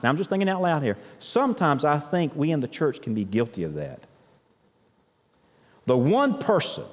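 A man preaching a sermon as pastor, chatty and thinking out loud, often repeating words as he goes. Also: fairly high pitch. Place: church sanctuary. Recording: long reverb of a large church.

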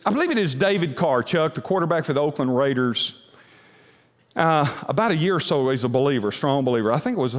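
A male pastor delivering a folksy sermon in a church, with frequent fillers and restarts. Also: on the high side. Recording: long hall reverb.

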